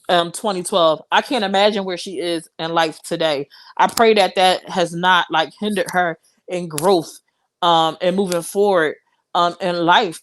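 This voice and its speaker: A young woman hosts a live stream and talks straight to her viewers. She sounds impassioned and a little preachy, in casual commentary. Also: lowish voice.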